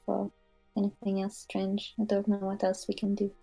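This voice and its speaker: A woman speaks as a player in a tabletop game, level and practical. Her pitch sits in the middle. Faint music runs behind. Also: monotone, normal speed, gravelly, warm tone, husky, rough recording. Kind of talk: casual tabletop game chat.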